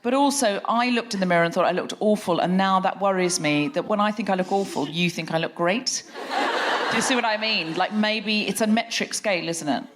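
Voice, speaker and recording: A woman's voice: mid-range voice, fairly quick, background noise. A woman hosting a live comedy podcast on stage, a chatty storyteller who mocks herself and laughs often. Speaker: podcast host. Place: stage before a live audience.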